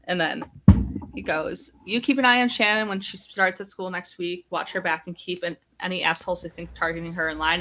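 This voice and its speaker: A woman's voice: lowish voice, a little fast. A woman co-hosting a live book discussion over a video call, retelling scenes and reading passages aloud. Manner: reads book passages aloud in a flat retelling, lively reactions. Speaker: podcast co-host.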